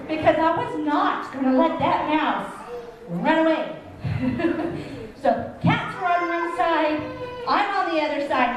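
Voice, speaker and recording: A woman telling a funny story at church story time, acting out her own reactions with gasps and laughs. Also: high-pitched. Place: church hall. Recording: echoey hall from far off, room noise.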